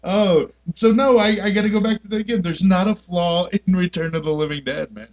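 A man's voice: high voice, brisk, lo-fi sound. A man co-hosting a podcast, chatting casually about a movie, laughing often and using slangy talk. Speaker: podcast co-host.

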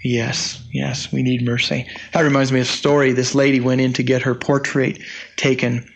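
A man's voice: medium pitch, little pitch movement, moderate pace, creaky. A man in his sixties preaching a sermon in a conversational, folksy way, with frequent restarts and asides. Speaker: pastor.

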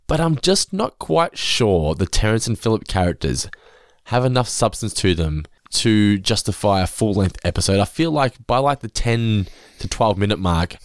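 An Australian man in his thirties, co-hosting a casual chat, animated and sweary. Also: normal speed, no room sound, clean studio sound. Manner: animated and sweary, swings into high excited bursts. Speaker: podcast co-host.

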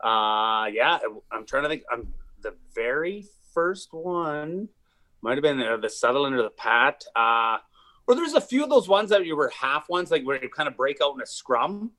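A man's voice: fairly high pitch, moderate pace. A man tells rowdy stories in loose podcast chat, swearing freely and stumbling through fillers. His voice sits a little above the usual for men. He keeps piling on details as he goes. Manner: rambling, profane, animated storytelling.

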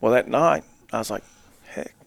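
A man's voice: medium pitch, normal speed, gravelly, no echo, studio quality. A man, co-hosting a podcast, tells a hunting story in casual chat and laughs through his punchlines. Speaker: podcast co-host.

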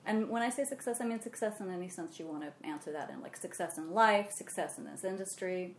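A woman's voice: lowish voice, a little fast, a little hiss or hum. Chatty woman interviewer in an echoey room. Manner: chatty, thoughtful questioner. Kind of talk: conversational interview.

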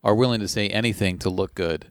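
A man's voice: on the low side, quick pace, dry recording, clean studio sound. A man in his forties in casual chat, cursing freely and animatedly retelling clips. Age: 40s.

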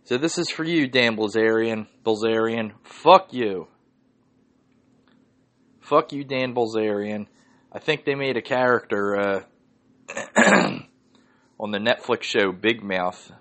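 A man's voice: fairly low pitch, slow pace, long pauses, fairly bright tone. Swearing Philly man ranting on a podcast. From Northeast Philadelphia. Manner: profane, ranting, heavy swearing. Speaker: podcast host. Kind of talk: solo podcast rant.

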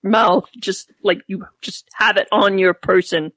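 A woman's voice: medium pitch, steady tone, unhurried, fairly bright tone, no echo. A woman playing a tabletop game, talking casually with lots of stammering restarts.

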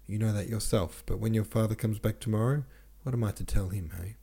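A man voicing a stern, scolding older woman with a rough voice in an audiobook. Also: lowish voice, steady tone, fairly quick, dark tone.

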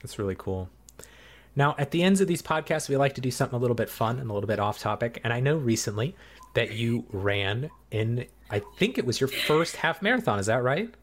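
A man's voice: mid-range voice, lively intonation, brisk. A man hosting a podcast, chatting with his guest in a friendly, conversational way. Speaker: podcast host. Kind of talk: casual interview chat.

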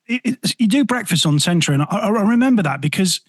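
Male interviewer, breathy, bouncy intonation, eager and chatty. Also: high voice, lively intonation, fast, dry recording, studio quality. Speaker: podcast host. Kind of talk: casual interview.

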